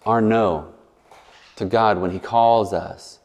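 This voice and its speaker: A man's voice: on the low side, slow pace, darkish tone. A man preaching a sermon as a pastor, chatty and verbose, full of asides and jokes. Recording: long reverb in a large hall.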